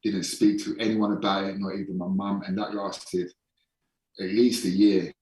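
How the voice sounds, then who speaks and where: A man in a casual podcast interview, a holistic performance coach who speaks frankly and swears casually, slowing down for emphasis. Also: deep voice, level tone, darkish tone, distant mic. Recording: echoey room, voice somewhat off-mic.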